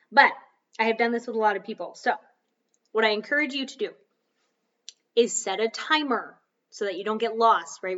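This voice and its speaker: A woman's voice: mid-range voice, a bit bright, recorded from a distance. Chatty woman podcast host, muffled sound. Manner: chatty, loses her train of thought and laughs it off. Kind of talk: casual self-help podcast talk.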